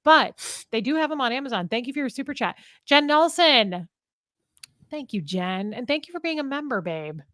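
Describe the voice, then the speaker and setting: A woman's voice: high-pitched, animated, normal speed, a bit bright, dry recording. Playful woman, dry close sound. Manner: playful, laughing, reads out viewer comments. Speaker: co-host. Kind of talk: casual couple's livestream chat.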